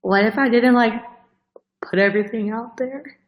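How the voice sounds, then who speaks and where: A woman's voice: a little high, normal speed, highs cut off. Earnest, emotional woman talking with fillers. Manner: earnest, heavy use of "like" as filler; emotional, close to tears. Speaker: host of a fitness coaching show. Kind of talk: casual heartfelt talk to followers.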